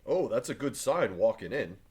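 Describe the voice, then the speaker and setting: A man reads John Proctor, the stubborn farmer husband, aloud to a class, delivering the play's old-fashioned lines earnestly. His mid-range voice is sing-song and a little mellow with a breathy edge, at a moderate pace.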